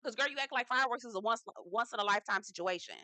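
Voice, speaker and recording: Young woman TV reviewer, sassy and blunt, bright voice, dry close recording. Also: a little high, very fast, no room sound. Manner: sassy, blunt, swearing commentary. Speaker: TV recap reviewer. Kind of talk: casual reality TV recap.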